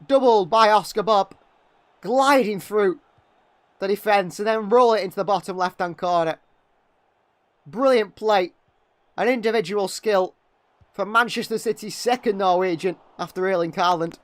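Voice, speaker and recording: A young man giving partisan live fan commentary on a match, excitable and quick to criticise players. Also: high voice, no echo. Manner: excitable, exclaiming at big moments, critical of players.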